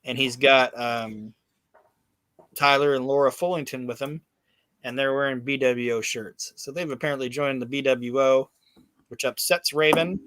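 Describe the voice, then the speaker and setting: A man chatting loosely about a wrestling show, drifting through filler words and restarts while he swears his way through the story. His voice sits at an ordinary pitch and sounds dry and close, with almost no room around it. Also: normal speed, no echo. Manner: rambling, profane, animated storytelling with many fillers. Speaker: podcast host recapping wrestling. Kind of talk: casual chat.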